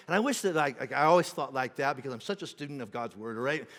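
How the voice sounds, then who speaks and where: Middle-aged pastor preaching in a hall. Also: male voice, medium pitch, animated, fast, a bit bright. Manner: conversational, acts out quoted voices. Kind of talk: sermon. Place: church auditorium.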